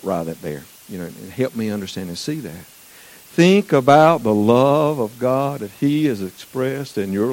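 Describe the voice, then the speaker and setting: A preacher in his sixties is telling a story from his boyhood during a sermon. His delivery is folksy and animated, and he swings from loud bursts to quiet, low reflection. His voice sits at an ordinary male pitch.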